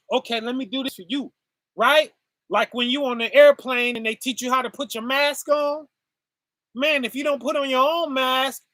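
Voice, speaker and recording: Man, preacher, informal sermon, very high voice, unhurried delivery. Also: sharp tone, dry recording, clean studio sound. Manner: call-and-response asides, laughs while preaching.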